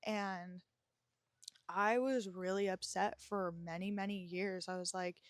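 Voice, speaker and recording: A woman's voice: medium pitch, steady tone, takes it slowly, no echo. Candid young woman, dry close sound. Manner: emotional, frank, swears freely, many fillers. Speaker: podcast host. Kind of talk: candid personal storytelling.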